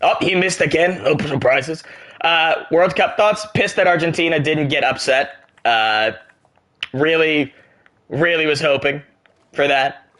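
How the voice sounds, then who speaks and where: A young man from the United States chats casually with viewers while he plays a game. He jokes and reacts out loud to what he sees. His voice is bright and forward, with a lively, sharp edge. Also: a little high, unhurried. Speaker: streamer. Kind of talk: casual chat while gaming.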